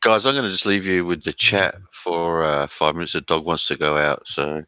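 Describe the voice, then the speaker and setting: A man in a casual group chat, speaking offhand and unhurried. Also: low-pitched, steady tone, sharp tone, clear, resonant tone, no room sound, muffled recording.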